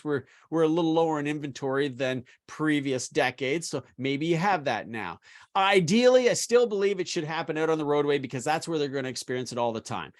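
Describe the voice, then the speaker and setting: A middle-aged man giving an instructional sales training talk, coaching with energy and emphasis. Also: on the high side.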